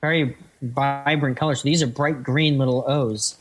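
A comedian guest with a mid-pitched voice, he talks in an easy, offhand way. His tone is relaxed and joking, and faint music sits low in the mix. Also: normal speed. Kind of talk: casual podcast chat.

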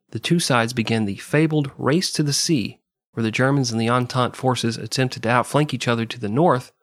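A male podcast host narrates history with wry jokes and profane asides. His mid-pitched voice sits in a dry, close recording. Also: a bit bright, dry recording.

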